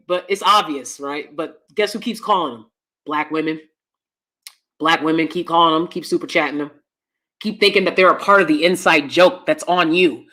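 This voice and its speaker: Woman host, live-stream commentary; bright, edgy tone, blunt and profane delivery. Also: mid-range voice.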